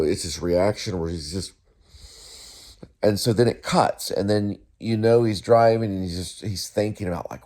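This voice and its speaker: A man's voice: low voice, darkish tone. A middle-aged man hosting his own show, rambling through a casual monologue with many restarts and asides. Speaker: host.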